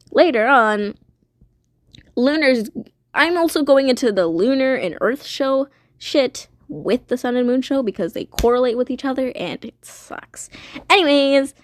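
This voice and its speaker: A woman's voice: fairly high pitch, lively intonation, slow, dry recording. A woman streamer casually retelling a story, rambling and swearing with lots of fillers.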